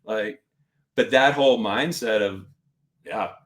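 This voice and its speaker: A man's voice: medium pitch, measured pace. A middle-aged man telling a story in casual conversation as a podcast guest, animatedly acting out the voices of others. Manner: animated, acts out instructors' lines in quotes.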